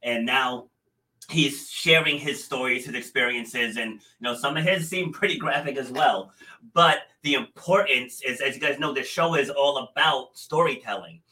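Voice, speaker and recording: A man's voice: medium pitch, moderate pace, sharp tone, poor audio. A man with a New England accent hosting a podcast interview, chatty and friendly, laughing often. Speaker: podcast host. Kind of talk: casual interview chat.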